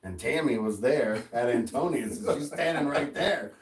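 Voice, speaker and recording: A middle-aged man hosting a casual podcast, telling a story with lively energy and putting on the voices of the people in it. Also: medium pitch, moderate pace. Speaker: podcast host. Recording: roomy sound, mic at a distance.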